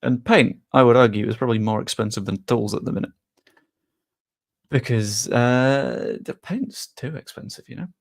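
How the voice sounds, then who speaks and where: A man's voice: mid-range voice, moderate pace, vocal fry. A man chatting casually on a live stream, rambling a little and answering viewers' messages. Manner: rambling, reads chat aloud and answers it.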